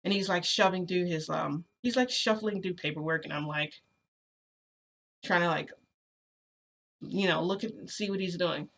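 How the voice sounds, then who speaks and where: Woman, low-pitched yet bright, casual storytime narration, rambling with fillers. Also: moderate pace, vocal fry, pauses often. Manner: rambling, lots of fillers like "like" and "you know". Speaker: storytelling vlogger.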